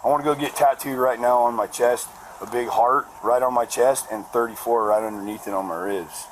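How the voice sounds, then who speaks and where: Caught on an officer's body camera outdoors at an apartment, a detained man in his forties swears and pleads with police in erratic outbursts. His mid-range voice comes fairly quickly amid background noise.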